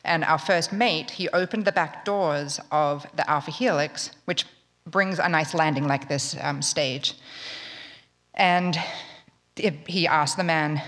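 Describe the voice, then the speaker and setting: A woman's voice: low-pitched, slow pace, a bit bright. Australian woman telling a story in a hall. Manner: wry, humorous, conversational. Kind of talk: live spoken storytelling. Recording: long reverb of a large hall.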